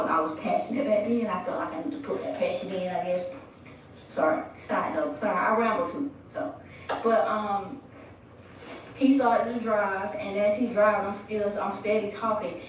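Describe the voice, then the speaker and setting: A young woman in her twenties rambles through a storytime vlog, lively and blunt, cursing freely and voicing the quotes herself. She sounds set back from the mic in a very echoey room, with a faint hiss underneath. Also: mid-range voice, far from the mic. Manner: animated, swears freely, acts out quoted dialogue. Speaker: vlogger telling a personal story. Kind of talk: casual storytime monologue.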